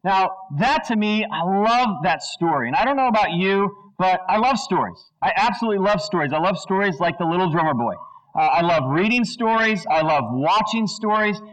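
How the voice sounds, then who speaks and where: A man preaching a sermon to a congregation, animated and chatty, asking the audience questions and slipping into quick movie-line impressions. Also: sits high, poor audio.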